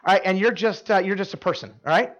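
A man preaching a sermon and bringing volunteers up for a demonstration, animated, repeating words and restarting lines, with quick asides to the crowd. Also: sits high, lo-fi sound.

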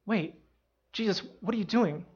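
An impulsive male disciple bursts out in a loud, raised voice, swearing his loyalty, as a woman puts him on. His pitch climbs high when he argues. The sound is muffled and lo-fi. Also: a little slow. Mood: bewildered. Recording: dull lo-fi sound.

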